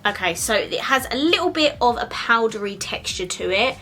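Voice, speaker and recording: A young woman talks through a makeup review, chatty and gushing as she tries each product. Her voice is bright and forward, with a lively, easy flow of filler words. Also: fairly high pitch, normal speed. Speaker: beauty vlogger.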